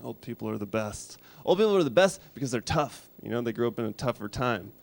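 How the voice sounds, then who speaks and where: A man in his thirties doing a stand-up set in a studio, with dry, deadpan delivery and frequent restarts. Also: mid-range voice, quick pace, creaky. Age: 30s. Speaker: stand-up comedian. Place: music studio.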